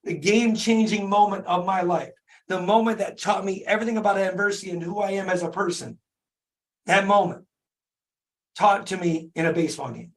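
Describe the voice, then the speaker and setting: A hoarse man in his forties from Michigan, a podcast host giving a fervent, repetitive motivational talk in casual slang. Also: sits high, brisk. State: hoarse from laryngitis. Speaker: podcast host, dentist and business owner. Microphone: speaking to an online call audience.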